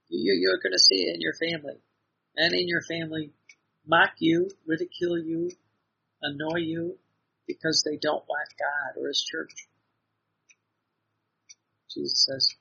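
A man's voice: on the high side, big pitch swings, unhurried, vocal fry, long pauses, sharp tone, slightly rough. A man giving an earnest devotional sermon, exhorting his listeners with repeated phrases and frequent restarts, heard on a dull lo-fi recording. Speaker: preacher.

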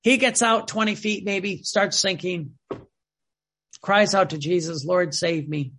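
A man's voice: high-pitched, unhurried, bright, forceful tone, breathy edge. A man preaching a sermon in a fervent way, repeating words and phrases for emphasis.

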